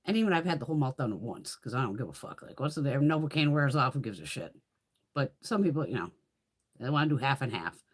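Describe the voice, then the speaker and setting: On her beauty livestream, this woman chats casually and rambles, swearing freely and laughing a lot. Her voice is a rumbling low one, expressive, and she talks fast.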